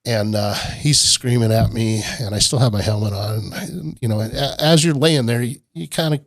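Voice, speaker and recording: A man's voice: medium pitch, moderate pace, vocal fry, no echo. A middle-aged man, a podcast guest, telling a long rambling story in a casual interview and laughing often. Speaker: podcast guest, off-road park owner.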